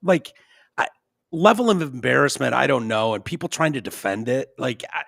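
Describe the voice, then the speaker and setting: A man hosting a podcast in casual chat, halting with fillers and frequent throat-clearing. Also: medium pitch, lively intonation, fairly bright tone, dry recording, clean studio sound. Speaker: podcast host.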